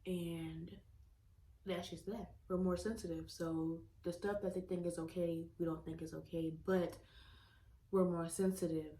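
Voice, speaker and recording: Chatty low-voiced woman vlogging. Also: measured pace. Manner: chatty and expressive, talking while eating. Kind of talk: casual mukbang chat. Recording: echoey room.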